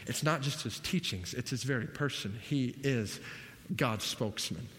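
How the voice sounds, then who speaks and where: Male preacher, mid-pitched, emphatic Bible teaching, quizzes the room and answers himself; long hall reverb. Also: normal speed, a bit bright. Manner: asks the audience questions and answers them himself; emphatic, repeating key phrases.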